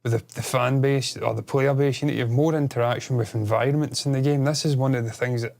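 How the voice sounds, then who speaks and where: A man, co-hosting a casual gaming chat, animated and sweary, prone to rambling. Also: medium pitch, fast talker, gravelly. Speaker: podcast co-host.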